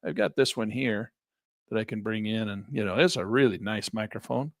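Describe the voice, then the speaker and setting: Gravelly man teaching a live trading session. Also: lowish voice, normal speed, no room sound, clean studio sound. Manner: chatty, thinks aloud while clicking through charts. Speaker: trading instructor. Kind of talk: live screen-share trading lesson. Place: small office near a parking lot. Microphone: headset mic.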